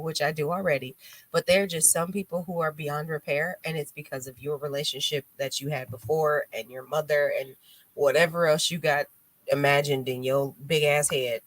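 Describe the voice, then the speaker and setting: Low-voiced woman hosting a chat show. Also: no room sound. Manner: blunt, animated storytelling with acted quotes. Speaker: radio show host. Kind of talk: casual chat.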